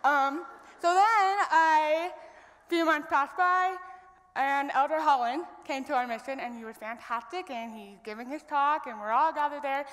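A woman's voice: sits high, normal speed, fairly bright tone. A young woman from Idaho telling an earnest, reflective personal story as a guest speaker on stage. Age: young adult. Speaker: guest speaker at a women's event. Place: stage in a large hall. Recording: long reverb of a large hall.

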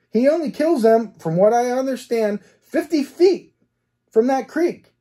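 A man's voice: very high voice, animated, measured pace, dark tone. A man, a cold case detective, talking through a case step by step, asking himself rhetorical questions and checking in with "okay?". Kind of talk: case analysis commentary.

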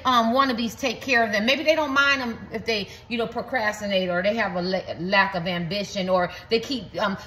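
A woman's voice: on the high side, fairly bright tone, a little hiss or hum. A woman giving a rambling, blunt reading to her viewers in a casual, repetitive way, swearing now and then. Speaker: tarot reader. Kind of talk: casual spoken reading to camera.

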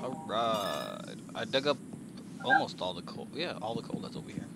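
A man in casual gaming chat, excitable and given to yelps and shouts when something startles him. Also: on the low side, normal speed, gravelly. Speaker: gamer. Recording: noticeable background hiss.

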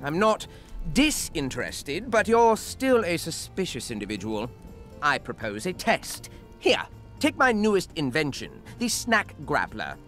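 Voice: mid-range voice, huge pitch swings, measured pace, a bit bright, faint music behind. A voice actor playing a reclusive, paranoid male inventor in a video game, speaking formally and stammering when alarmed. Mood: suspicious.

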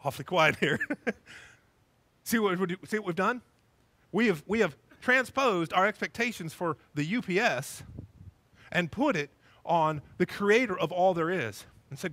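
Guy pastor preaching, high bright voice, bouncy and animated, dry close sound. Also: normal speed, no room sound. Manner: animated, acts out scenes in voices. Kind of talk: sermon. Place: church.

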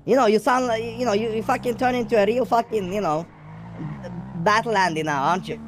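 A man with a high voice rambles through a role-play scene in character. He swears freely and keeps cracking himself up. A faint hiss sits behind him. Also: a little fast. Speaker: role-play gang member.

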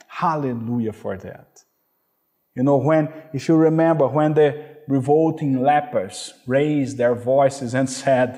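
A man's voice: fairly high pitch, unhurried, darkish tone. A man preaching a sermon as a pastor, earnest and emphatic, often saying "you know" and calling out "hallelujah".

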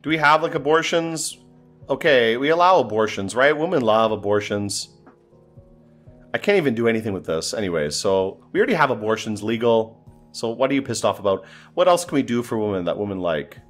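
A man's voice: medium pitch, lively intonation, a little fast. Man, gameplay commentary, casual, exasperated, swearing, talking to himself, faint background music. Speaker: gaming commentator.

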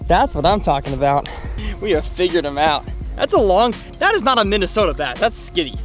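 A man's voice: high voice, big pitch swings, a little fast, faint music behind. A young man narrating his own fishing trip outdoors on a river, exclaiming and repeating phrases as he goes. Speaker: fishing vlogger. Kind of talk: excited fishing vlog commentary.

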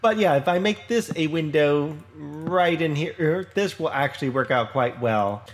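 A man hosts a casual Minecraft let's play, chatting through a building session with plenty of fillers, restarts and self-deprecating remarks. His voice sits on the high side and runs a little slow.

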